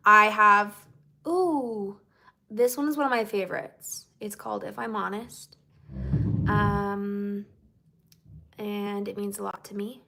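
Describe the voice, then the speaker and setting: A woman's voice: medium pitch, fairly even intonation, takes it slowly, gravelly, long pauses, very noisy. A woman singer-songwriter chatting casually with her fans on a livestream, bubbly and chatty, with lots of "like" and "okay?".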